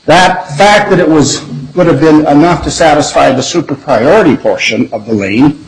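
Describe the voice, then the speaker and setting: Measured man arguing before an appeals court. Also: fairly high pitch, rough recording. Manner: measured and deliberate, with frequent restarts. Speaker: attorney. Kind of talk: appellate oral argument.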